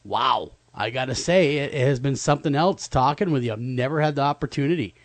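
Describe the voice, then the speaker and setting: A man's voice: medium pitch, brisk, no echo. A man hosting a radio talk show, enthusiastic and effusive with his guest. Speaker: radio host.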